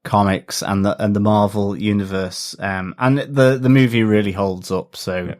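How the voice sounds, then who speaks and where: Brief: lowish male co-host, playful banter. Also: fairly even intonation, moderate pace, a little mellow. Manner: playful, joking. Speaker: podcast co-host. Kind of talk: casual chat.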